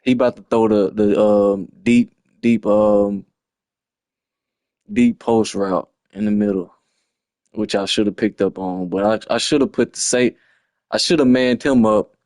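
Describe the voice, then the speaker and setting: A man's voice: fairly low pitch, steady tone, unhurried, darkish tone, no echo, studio quality. A man, breaking down a lost football video game in a frustrated, slangy ramble on a livestream. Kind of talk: casual game replay breakdown.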